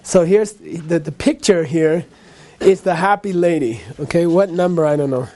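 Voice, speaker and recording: A man's voice: a little high, normal speed, warm tone. A man teaching a Buddhist class in a loose, conversational way, checking in with "okay?" as he goes. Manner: conversational, frequent "okay?" and "you know".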